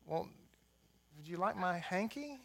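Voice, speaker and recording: A man's voice: high voice, expressive, unhurried, gravelly. A man preaching a sermon as rabbi, blunt and rousing, with jokey asides to the congregation.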